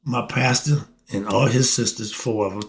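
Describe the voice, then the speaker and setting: Gravelly man preaching to camera. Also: mid-range voice, fairly even intonation, moderate pace. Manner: preachy, asks and answers his own rhetorical questions; colloquial, often cuts himself off with 'moving on'. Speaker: self-styled philosophy teacher. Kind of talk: casual spiritual monologue to camera.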